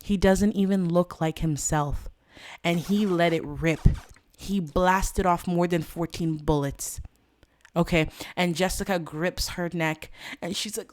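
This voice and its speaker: A woman hosting a let's play, with a somewhat low voice. She narrates the gameplay like a dramatic story. Her delivery is animated, and she talks directly to her viewers. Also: unhurried.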